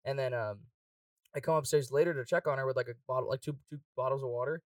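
A young man telling a party story in casual chat, profane and quick, laughing often and acting out quotes. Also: mid-range voice, fairly even intonation, dry recording, distant mic.

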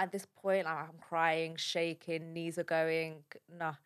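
Woman telling what happened to her, halting, lots of um and like. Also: deep voice, steady tone. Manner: shaken, halting storytelling with many fillers. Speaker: guest telling a personal story. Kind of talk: casual spoken account.

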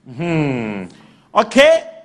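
Male preacher, high and lively voice, animated delivery with sudden shouts and call-and-response. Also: drawn-out words. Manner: animated, bursts into shouts and laughter.

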